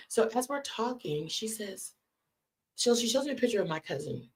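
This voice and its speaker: A woman's voice: on the high side, moderate pace. A woman hosting a live stream from California, telling a long personal story to her viewers and acting out the people in it. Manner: animated storyteller acting out quoted voices. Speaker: host.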